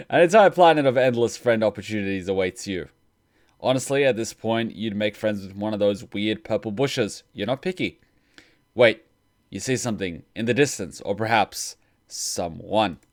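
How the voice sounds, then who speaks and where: A man's voice: lowish voice, a little mellow. A man hosting a game playthrough, reading the on-screen text aloud and chatting with viewers, stalling with fillers as he improvises voices. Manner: reads narration, then rambles and stalls while improvising voices. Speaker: let's play host. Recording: game music behind voice.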